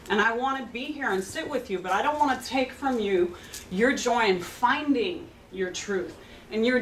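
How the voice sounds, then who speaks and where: A woman counselor giving an anecdotal talk to an audience, telling a lively story and acting out both sides of a conversation. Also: a little high, a little hiss or hum. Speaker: clinical director and counselor. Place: open house event, indoor room. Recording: roomy sound picked up from a distance.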